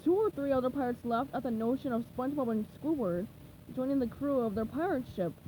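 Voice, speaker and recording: A woman reading a children's chapter book aloud in a lively, expressive way. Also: high voice, a little fast, slight background noise, rough recording. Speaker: storybook reader.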